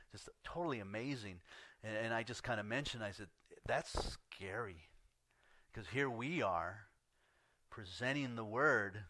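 A male pastor preaching a sermon in an earnest way, swinging between loud emphasis and hushed asides. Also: lowish voice, dry recording.

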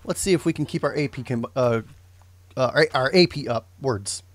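A young man streams a game and talks over it casually in a mid-range voice at normal speed. He rambles, keeps correcting himself, and tosses in jokes as he goes.

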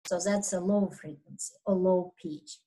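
A woman instructor giving a recorded anatomy lecture over slides, speaking loudly in an unhurried, explanatory way with fillers and throat clearing. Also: on the low side, rough recording. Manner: talks loudly by habit.

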